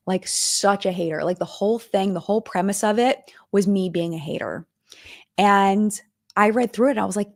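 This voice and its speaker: A woman's voice: mid-range voice, a little fast, vocal fry, darkish tone, no echo, studio quality. A middle-aged woman hosting a live-stream chat, talking casually and emotionally, with many fillers and restarts. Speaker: live-stream commentary host.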